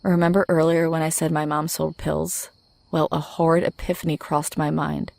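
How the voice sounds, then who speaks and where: A woman narrating a horror story in the first person, in a measured, low-key way. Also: flat delivery, gravelly, a little mellow, dry recording.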